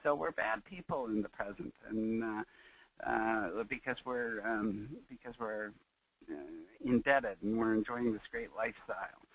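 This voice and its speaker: A man presenting a webinar lecture, speaking in a measured, searching way with frequent pauses. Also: lowish voice, gravelly, no room sound, rough recording.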